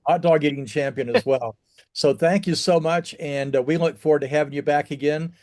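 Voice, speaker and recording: A man's voice: on the high side, steady tone, fairly quick, darkish tone. A man hosting an interview podcast, friendly as he strings his questions together one after another. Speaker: podcast host.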